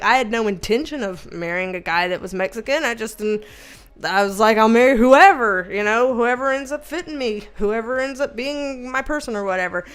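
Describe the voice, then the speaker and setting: A woman in her thirties from the American South with a light Southern accent, chatting casually on a livestream, animated, swearing and laughing as she tells stories. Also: a little high, clean tone. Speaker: livestream host.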